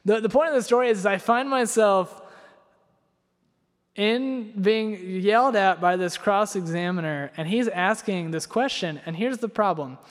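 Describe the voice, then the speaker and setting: A young man from North Carolina delivers a sermon full of personal stories. He rambles and pokes fun at himself, leaning on filler words. His voice sits a little high and rings out with long reverb across a church hall. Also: normal speed. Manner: rambling, self-deprecating, heavy on filler words. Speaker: preacher.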